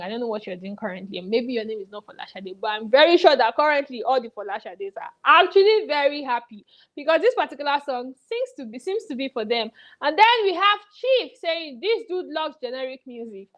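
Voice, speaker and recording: Playful high-voiced woman presenter. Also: low-quality recording. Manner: playful and teasing, acts out quoted voices. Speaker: entertainment news presenter. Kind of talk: chatty celebrity gossip commentary.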